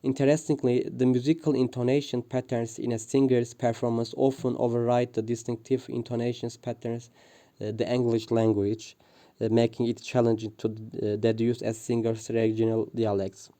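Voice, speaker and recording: A man reads a prepared linguistics presentation, pausing often with "uh" and restarting words. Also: mid-range voice, level tone, mellow. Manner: hesitant, frequent "uh" fillers and restarts. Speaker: student presenter.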